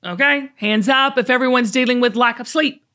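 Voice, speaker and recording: A middle-aged Southern woman with a Southern American accent, hosting a talk show in chatty, animated storytelling. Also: fairly high pitch, brisk. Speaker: host. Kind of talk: casual chat.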